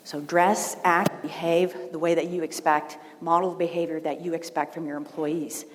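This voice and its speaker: A woman speaks from the stage at a conference keynote, telling stories in a chatty way and often asking "right?". Her voice sits a little low. It rings with long reverb in a big hall over a faint background hum. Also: level tone, normal speed. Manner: conversational, storytelling, frequent "right?" asides. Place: large event hall.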